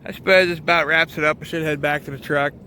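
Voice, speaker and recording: Walking along a lake at an outdoor rest area, a truck-driving man vlogs casually into the phone in his hand. He speaks fast in a fairly high, steady voice that sounds pushed and bright, with a little hiss or hum. His talk wanders, rambles, and is packed with swearing.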